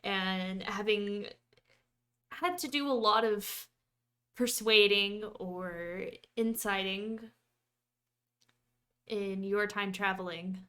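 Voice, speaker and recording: A woman running a tabletop game as dungeon master, narrating in a slow, deliberate way. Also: mid-range voice, fairly bright tone.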